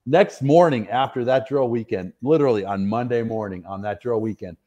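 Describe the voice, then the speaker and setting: Warm and mid-pitched, this middle-aged man's voice runs fairly quick. A retired soldier from the US Northwest, he's an interview guest telling long stories in a casual chat, meandering, laughing at himself, and using many fillers.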